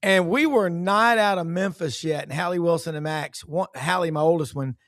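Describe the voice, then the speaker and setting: A middle-aged man hosting a casual sports talk show, folksy and quick to agree. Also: on the high side, fairly bright tone, no room sound, studio quality. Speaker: show host.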